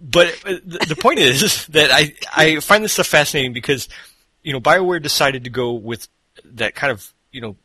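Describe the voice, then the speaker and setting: A man's voice: on the high side, lively intonation, normal speed, pushed and bright, slightly rough, no echo. A man co-hosting a gaming podcast in casual chat, rambling with lots of fillers and restarts. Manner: slips into mock accents. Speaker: podcast co-host. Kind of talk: casual chat about games.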